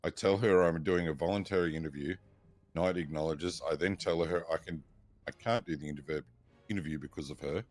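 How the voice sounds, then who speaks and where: A man's voice: low voice, brisk. A man playing a police officer in a roleplay discussion, reading through a statement and rebutting it point by point. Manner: methodical, reads out a statement and rebuts it.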